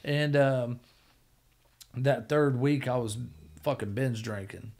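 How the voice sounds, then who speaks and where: Gravelly man telling a blunt story. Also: medium pitch, slow, a little mellow. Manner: blunt, profane, rambling recovery story. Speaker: podcast guest. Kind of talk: casual storytelling.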